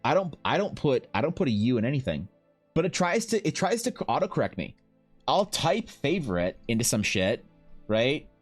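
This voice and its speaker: A young man talks casually to his stream viewers, his pitch swinging up and down as he rambles. He swears freely and fills his talk with likes and you-knows, over faint music in the background. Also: normal speed, breathy edge. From Canada. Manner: rambling, animated, swears freely, lots of fillers.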